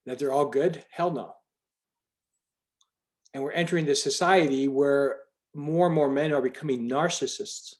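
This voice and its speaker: A man's voice: mid-range voice, darkish tone. A man leading a group video call, talking in a rambling, emphatic way with many restarts. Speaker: call organizer.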